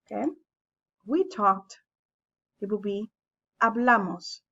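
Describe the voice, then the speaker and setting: A woman teacher explains grammar at an unhurried, deliberate pace. Her voice sits at a middling pitch and comes through a somewhat dull, lo-fi recording. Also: steady tone, a bit bright. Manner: slow, patient explaining. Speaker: Spanish teacher. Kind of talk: classroom lesson narration.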